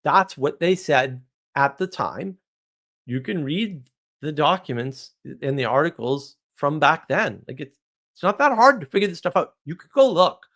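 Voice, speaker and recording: A man hosting a live stream monologue, blunt and ranting, asking rhetorical questions and answering them himself. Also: unhurried. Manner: blunt, ranting, animated pitch swings.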